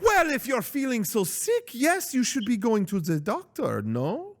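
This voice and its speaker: Man doing a fussy french-accented lady boss, high and sing-song, demanding notes. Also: wildly swooping pitch, measured pace, exaggerated voice. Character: fussy French-accented female store manager.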